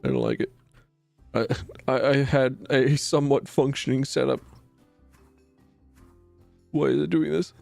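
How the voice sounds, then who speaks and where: A young male streamer chatting loosely over his game, voice rough with gravel and swinging widely up and down. He rambles, restarts and grumbles at his gear in a self-deprecating way. The sound is close and dry. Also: medium pitch, wildly swooping pitch, unhurried, long pauses, darkish tone, no room sound, soft background music. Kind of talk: casual gameplay commentary.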